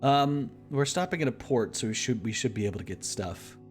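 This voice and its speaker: A man's voice: mid-range voice, expressive, brisk, soft background music. A man giving casual gaming commentary while playing a story game, chatty and easily amused. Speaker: gamer reading a story game.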